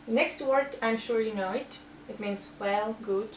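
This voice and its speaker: A woman with a Russian accent teaching a language lesson, saying example words slowly and carefully. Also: a little high, far from the mic. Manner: careful, drawn-out demonstration of words. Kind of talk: slow spoken language lesson. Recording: echoey room, voice from off mic, faint hum.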